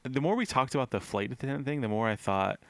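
A man's voice: mid-range voice, animated, fast, clean tone, no echo. A man co-hosting a podcast in casual chat, joking and sarcastic, laughing often. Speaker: podcast co-host.

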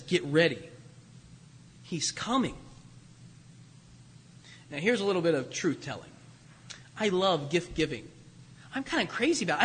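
Male pastor, conversational sermon, slightly husky and high, lifts his voice for key points. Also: fairly bright tone, in a large hall. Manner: conversational preaching, rising for emphasis.

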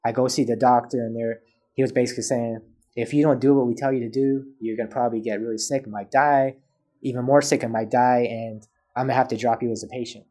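A man's voice: mid-range voice, level tone, fast talker, dark tone. A man as a podcast guest, telling a personal story in casual chat and acting out both sides of past conversations.

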